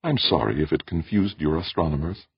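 A man voicing a calm, courteous alien elder who explains patiently and placidly. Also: very deep voice, fairly quick, creaky, husky, dry recording, highs cut off, heavily acted. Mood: calm, placating.

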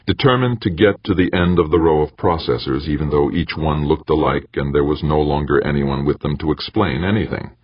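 A man narrating a novel in a measured, even storytelling manner. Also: very deep voice, slightly rough, no room sound. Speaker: audiobook narrator. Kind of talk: scripted narration. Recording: dull, muffled audiobook recording.

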